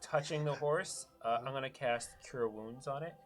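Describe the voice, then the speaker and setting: A laid-back man playing at a tabletop game, calmly describing his moves and joking at his own expense. His voice sits at a middling pitch. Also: normal speed, soft background music. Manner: laid-back, self-deprecating. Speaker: player. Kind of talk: casual tabletop play.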